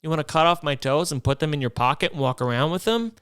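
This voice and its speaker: Man doing a high, starry-eyed woman smitten with a handsome guy, comic podcast bit, dry close sound. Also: fast talker, fairly bright tone, smooth, no room sound, natural voice. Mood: swooning. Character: starstruck woman swooning over a handsome date.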